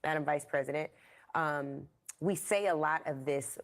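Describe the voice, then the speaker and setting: A woman's voice: sits low, moderate pace. A woman on a political discussion panel, speaking in an articulate, firm way.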